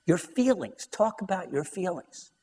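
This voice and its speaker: A man voicing an extroverted wife who pleads with her quiet husband, in a raised, pleading tone. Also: high-pitched, lively intonation, measured pace, breathy edge, voice pushed up, full character voice.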